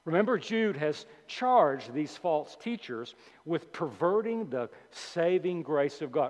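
A man preaching a sermon as pastor, emphatic and deliberate, repeating key words slowly for weight. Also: a little high, very animated, a little mellow. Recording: dull lo-fi sound with long hall reverb.

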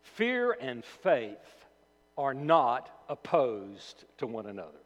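A male pastor delivers a sermon in a church sanctuary, his slightly high voice rising for emphasis and dropping to near-whispers on key words. His delivery is animated and theatrical. The sound carries a long hall reverb from a distant microphone. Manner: dramatic swings between loud emphasis and hushed low words.

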